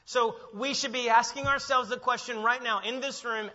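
Bright-voiced man preaching in a hall. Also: very high voice, steady tone, moderate pace, hardly any pauses. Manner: builds from hushed to emphatic preaching. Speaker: pastor. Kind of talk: sermon. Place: church sanctuary. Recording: muffled sound with long hall echo.

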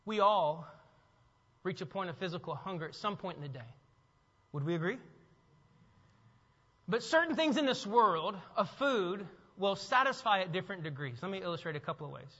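This pastor preaches with animation at a normal speed, leaving long pauses; his very high, bright, forceful voice is slightly rough. He repeats phrases and questions the congregation emphatically, while long reverb fills the church sanctuary and the sound stays a little dull.

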